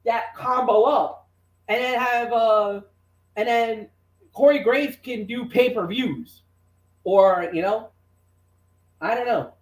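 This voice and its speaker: A man co-hosting a wrestling talk show, excitable and rambling, with lots of restarts. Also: very high voice, slow, pauses often, reverberant. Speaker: wrestling podcast co-host. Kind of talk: casual chat.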